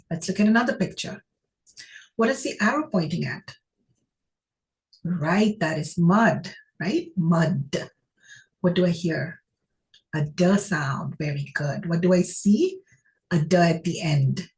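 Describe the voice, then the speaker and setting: A woman's voice: fairly low pitch, a little mellow, rough recording. A woman teaching a phonics lesson, who asks her class questions and praises each answer.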